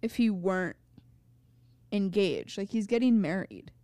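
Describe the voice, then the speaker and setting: A woman co-hosting a podcast, chatting casually about a TV show in a relaxed, giggly way. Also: medium pitch, moderate pace, no echo, studio quality. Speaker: podcast co-host. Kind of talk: casual chat recapping a TV show.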